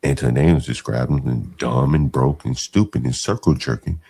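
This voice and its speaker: A man with an extremely deep voice, gravelly and husky, giving commentary on a live stream. He sounds mocking and incredulous, and his pitch swings widely as he talks. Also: brisk, warm tone.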